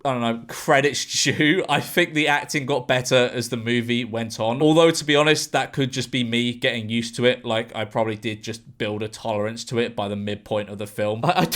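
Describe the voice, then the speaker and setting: A man's voice: medium pitch, brisk, hardly any pauses, fairly bright tone. A young man giving a sarcastic, swearing comedic commentary on a film, laughing often. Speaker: YouTuber reviewing a film.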